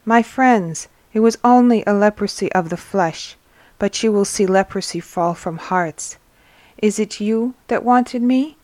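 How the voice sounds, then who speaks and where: A woman voicing a calm, merciful grown male teacher who gives gentle but firm commands, close to her own voice. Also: mid-range voice, a little slow, no echo, close to an everyday voice.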